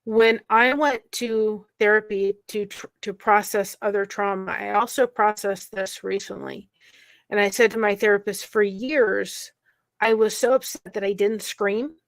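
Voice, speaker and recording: A woman telling a painful personal story in conversation, earnest and emotional, with quick asides. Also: medium pitch, fairly even intonation, no room sound. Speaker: guest sharing a personal story.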